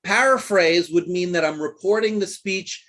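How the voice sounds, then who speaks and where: A man's voice: high-pitched, moderate pace, fairly bright tone. A man teaching an English lesson, patient but firm, repeating phrases and modelling intonation.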